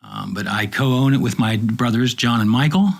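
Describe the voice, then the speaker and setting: A man's voice: mid-range voice, moderate pace, vocal fry. A man, a journalist, chatting in a rambling, enthusiastic storytelling way. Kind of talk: casual chat.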